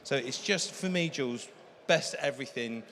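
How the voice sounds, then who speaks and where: A man's voice: medium pitch, expressive, normal speed, fairly bright tone. An English man giving enthusiastic, knowledgeable commentary as a car expert at a live auction. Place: auction hall. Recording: hall reverb with faint room noise.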